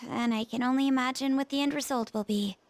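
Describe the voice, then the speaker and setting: Studious teenage girl from a game, level-headed, higher voice; a woman reads her. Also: fast, close to an everyday voice. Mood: sensible. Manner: level-headed, mildly scolding.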